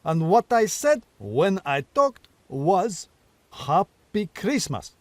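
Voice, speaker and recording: A man voicing a huge, prickly reindeer who speaks stiffly and slowly. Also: high voice, sing-song, dry recording, voice pushed up. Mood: tart. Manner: stiff, tart, slow and deliberate.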